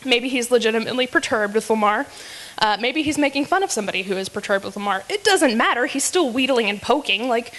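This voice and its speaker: A woman with a slightly high voice runs a live comedy roast from the stage. She teases each speaker with a giggly, rambling delivery full of ums and likes. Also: lively intonation, quick pace, few pauses, fairly bright tone. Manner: teasing, giggly, many fillers. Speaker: roast emcee.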